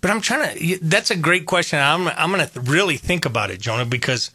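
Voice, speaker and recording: An older man talks through a radio show with a bright, forceful edge to his husky voice. His pitch leaps around as he tells stories, doubling back on his own phrases. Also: quick pace, dry recording, clean studio sound. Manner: animated, storytelling, repeats phrases. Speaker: radio host. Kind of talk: casual radio chat.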